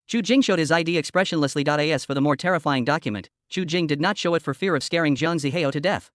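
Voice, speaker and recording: A man recounts a story recap in a rapid, even storytelling voice. His pitch sits a little high and he moves fast. The sound is dry and close. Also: no echo. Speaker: recap narrator.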